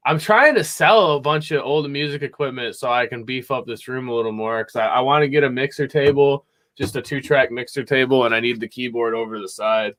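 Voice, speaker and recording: A young man hosting a podcast from a home music room, chatting casually in a rambling, excitable way and swearing a lot. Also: mid-range voice, fairly quick. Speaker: podcast host. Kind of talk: casual chat.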